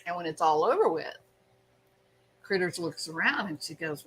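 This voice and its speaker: A woman's voice: on the low side, expressive, moderate pace, noisy background. A woman hosting her own channel, telling a story with self-mocking, theatrical humor. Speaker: channel host. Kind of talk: storytelling commentary.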